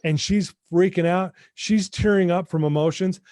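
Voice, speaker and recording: Telling his recovery story to a podcast host over a video call, a middle-aged addiction recovery mentor speaks earnestly and from the heart. His voice sits high with fairly even intonation, a moderate pace and a darkish tone, recorded at studio quality with no room sound.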